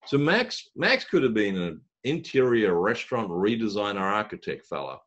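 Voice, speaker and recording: A man presenting a marketing webinar, telling a story and acting out the dialogue, often clearing his throat. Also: fairly low pitch, sing-song, moderate pace, a bit bright, lo-fi sound.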